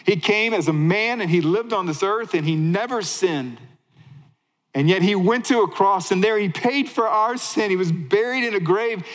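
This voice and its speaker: A man preaching a sermon as a pastor, animated, rising to excited highs and dropping to hushed lows. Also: moderate pace, long reverb tail, rough recording.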